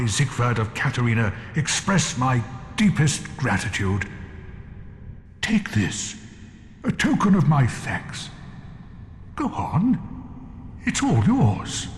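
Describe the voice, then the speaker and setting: Noble knight, slow courtly talk, lively pitch, echoey game sound. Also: male voice, a little hiss or hum. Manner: formal old-fashioned speech, measured and warm-hearted. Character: honorable knight, jovial and grateful.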